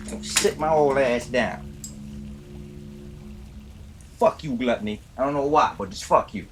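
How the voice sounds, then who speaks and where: Music plays behind this man's mid-range voice, which is a little slow with long pauses, amid a noisy background. Streaming a game live from his gaming chair at home, he's hyped and swears casually while teasing his chat.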